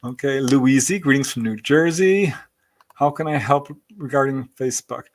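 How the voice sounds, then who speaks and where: A man's voice: medium pitch, normal speed. Chatty male podcast host reading chat. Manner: chatty and thankful, laughing between comments. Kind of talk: live-stream show, reading out viewer chat.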